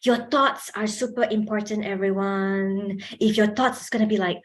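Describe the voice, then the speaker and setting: A woman giving an animated talk on public speaking at a workshop, laughing often and asking her audience questions, on a handheld microphone. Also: mid-range voice, normal speed, hardly any pauses.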